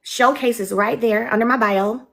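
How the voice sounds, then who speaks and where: A woman's voice: fairly high pitch, fairly even intonation, moderate pace, vocal fry, roomy sound. A woman hosting a live shopping stream, chatty and upbeat, urging viewers to buy. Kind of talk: live-stream sales pitch. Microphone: phone.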